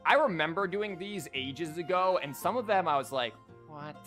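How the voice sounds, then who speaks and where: A man's voice: high voice, expressive, normal speed, fairly bright tone, soft background music. A male streamer chatting casually on a livestream, rambling and stammering as he plays a card game and talks to chat.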